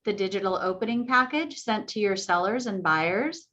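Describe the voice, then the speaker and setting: A woman's voice: mid-range voice, moderate pace. Woman host introducing a webinar. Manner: reads out an agenda in an even, organized way. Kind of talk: scripted introduction. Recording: slightly dull lo-fi webinar audio.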